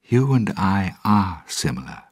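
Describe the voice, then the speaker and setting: A man's voice: very animated, measured pace, husky, no echo, clean studio sound, heavily acted. A man voicing a proper, principled young woman in a read-aloud storybook, speaking earnestly in a raised voice. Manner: earnest, reproachful, raised higher.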